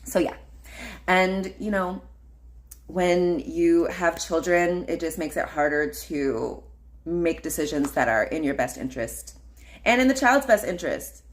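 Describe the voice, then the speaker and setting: A woman podcast host runs a casual solo livestream, rambling along with plenty of fillers, frequent laughs and lots of "like." Her voice is lowish and animated, and she takes her time.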